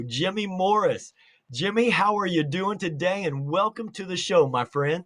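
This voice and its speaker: An energetic man hosting an interview show, with a fairly high voice for a man. He kicks things off in a hype-style, motivational way and keeps the chat lively. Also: normal speed. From Salt Lake City area, United States. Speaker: podcast host.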